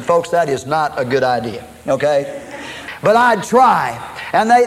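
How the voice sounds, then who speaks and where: A man from Minnesota preaching a sermon as personal testimony, swinging between loud declarations and low confiding tones. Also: rough recording.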